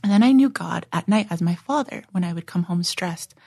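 A young woman earnestly sharing a personal faith testimony, reflective and full of filler words, sometimes dropping to a soft hush. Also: on the low side, animated, a little fast, vocal fry, slightly rough, dry recording, studio quality.

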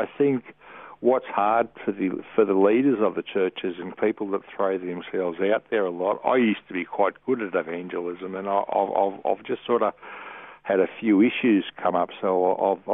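An Australian man calling in to a radio show, talking in a friendly, rambling, halting way. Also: on the low side, no echo. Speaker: caller. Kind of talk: call-in radio talk. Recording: tinny phone line.

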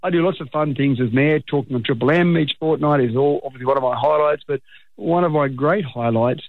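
A man's voice: fairly high pitch, a little fast, dry recording. A man with an Australian accent, a mayor chatting casually on a radio show by phone, joking and poking fun at himself. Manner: jokey, chatty, self-mocking. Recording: tinny phone line.

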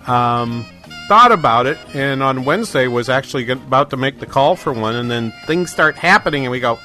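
Male talk radio host, middle-aged, rambling delivery, lots of ums and restarts, mid-pitched voice. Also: animated, a little fast, bright, forceful tone, faint music behind. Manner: rambling, many fillers and restarts. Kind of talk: casual talk radio monologue.

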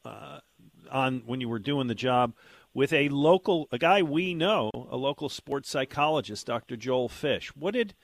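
Male host asking relaxed questions. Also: medium pitch, moderate pace, vocal fry, no room sound. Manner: conversational, leads with questions. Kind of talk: talk show interview.

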